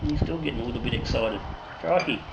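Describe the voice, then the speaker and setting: Joking home brewer, echoey room. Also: male voice, medium pitch, quick pace, gravelly. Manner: jokey, swears casually, trails off and restarts. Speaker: home brewer and channel host. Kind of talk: casual raffle draw and brewing chat. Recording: echoey room with noticeable noise.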